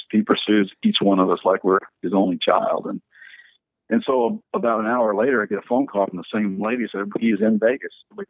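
A man's voice: fairly low pitch, gravelly, dry recording. A man, a pastor and church planter, telling stories in a rambling, filler-heavy way during an interview. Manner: rambling, many fillers and restarts, lively storyteller. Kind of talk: animated storytelling in a podcast interview. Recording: dry, tinny phone-like line.

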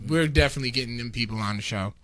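A man co-hosting a casual chat, upbeat and quick to chime in. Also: mid-range voice, a bit bright. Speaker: podcast co-host.

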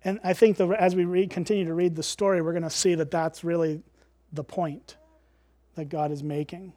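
A man's voice: on the high side, steady tone, moderate pace, dark tone, dry recording. A man giving a conversational Bible teaching, explaining as he goes and posing rhetorical questions to his listeners.

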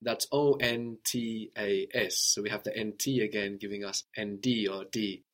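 A man's voice: fairly low pitch, fairly even intonation, normal speed, fairly bright tone. A man giving a patient one-to-one language lesson, prompting his student with questions and repeating the answers. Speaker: language teacher.

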